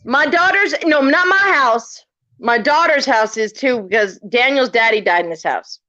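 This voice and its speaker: A woman's voice: high voice, moderate pace. Middle-aged woman telling stories. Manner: animated, tells stories acting out quotes. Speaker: live stream guest. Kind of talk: casual storytelling chat. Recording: muffled lo-fi live stream audio.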